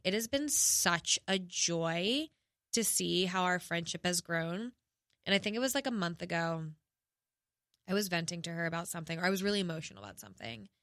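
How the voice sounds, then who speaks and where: A woman's voice: mid-range voice, sharp tone, no echo, studio quality. A young woman telling a personal story in a casual podcast chat, candid and emotional, with many fillers.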